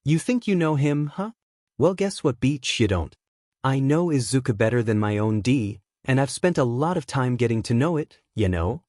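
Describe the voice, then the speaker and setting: A blunt, sarcastic teenage boy voiced by a man speaks in a flat, deadpan tone with a cutting edge. The voice sits at an ordinary middle pitch. It is recorded close and dry. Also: moderate pace, no echo, lightly acted. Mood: deadpan anger.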